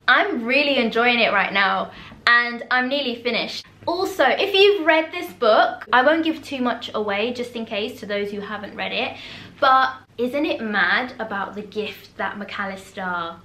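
Excitable woman in her twenties, high bright voice, gushing book-vlog chat. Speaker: book vlogger. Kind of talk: casual reading vlog chat.

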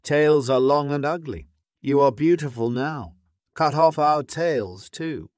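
A man's voice: on the high side, takes it slowly, no echo, studio quality, voice pushed up. A man doing gullible chattering monkeys. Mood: excited. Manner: excited, easily persuaded.

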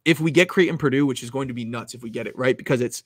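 A young man hosting a live stream about sports bets, talking casually and loudly at times, rambling with lots of "like"s and restarts close to his mic. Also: mid-range voice, rapid-fire, dry recording. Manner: rambling, filler-heavy, restarts with "like"; animated, loud at times. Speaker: sports betting host.

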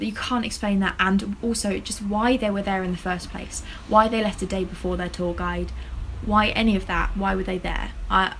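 A woman's voice: medium pitch, gravelly, a little hiss or hum, low-quality recording. Chatty woman vlogger who stumbles over words. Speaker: true-crime vlogger. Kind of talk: casual to-camera talk.

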